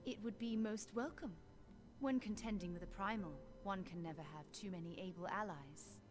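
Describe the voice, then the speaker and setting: An actress voicing a cool, learned woman mage in a game cutscene, crisp and formal. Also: medium pitch, normal speed, close to an everyday voice. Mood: serious. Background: game music.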